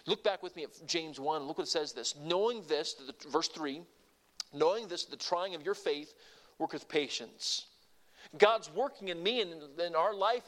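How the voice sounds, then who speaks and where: A pastor with a slightly high voice preaches to his congregation in an easy, conversational way. He asks them questions and pushes certain words louder or slower for emphasis, then drops back down again. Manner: varies loudness and pace for emphasis. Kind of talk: sermon.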